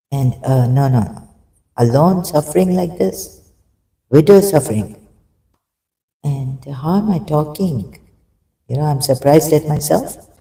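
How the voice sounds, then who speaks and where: Man, gravelly, very slow, hesitant reading with commentary, many fillers. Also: a little high, mellow, poor audio. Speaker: video commentator. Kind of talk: halting reading aloud with commentary.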